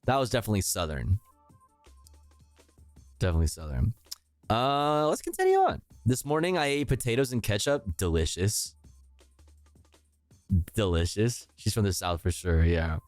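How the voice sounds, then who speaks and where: A man streaming live, reacting to clips with crude jokes and an animated delivery. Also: medium pitch, no room sound.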